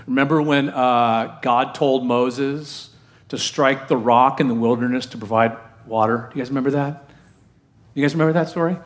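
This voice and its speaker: A man's voice: medium pitch, normal speed. A middle-aged man, a pastor giving a sermon in a conversational way and putting questions to the congregation.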